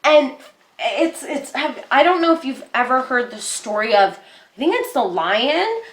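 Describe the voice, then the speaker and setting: Woman, casual rambling vlog talk, acts out others' lines; high voice in an echoey room. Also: sing-song, a little slow. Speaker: actor talking to camera about therapy skills.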